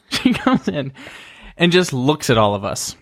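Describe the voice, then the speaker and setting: A man guest on a casual chat podcast, telling an animated story and laughing as he goes. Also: fairly high pitch, no room sound, clean studio sound.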